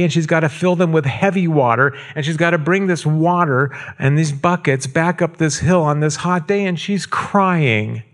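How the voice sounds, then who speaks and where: A middle-aged man, a pastor, telling a story in a sermon in a slow, emphatic way and repeating phrases for weight. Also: fairly high pitch.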